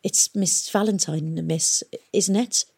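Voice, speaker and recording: A woman's voice: lowish voice, fairly even intonation, moderate pace, gravelly, a little mellow, slightly rough, no room sound. Woman reading as a timid, nervous teenage boy. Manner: nervous, plaintive.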